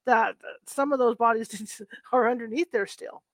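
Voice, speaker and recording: A middle-aged woman from California chatting casually and spinning anecdotes with a chuckle in them. Her voice sits a little on the high side, recorded close and dry with no room sound. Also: normal speed, no room sound. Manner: chatty storyteller, laughs while telling. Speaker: conversation partner. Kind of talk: casual chat. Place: Sacramento, USA.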